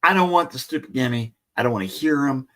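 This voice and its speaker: A man's voice: medium pitch, fast talker, fairly bright tone. A man co-hosting a casual livestream chat, blunt and grumbling in his replies. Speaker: livestream co-host.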